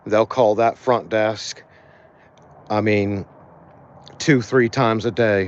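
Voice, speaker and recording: A tired man talks casually as an animal rescue volunteer in a livestream walkthrough, halting often and filling pauses with fillers and restarts. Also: fairly low pitch, steady tone, dull audio. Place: outdoors by a cat shelter.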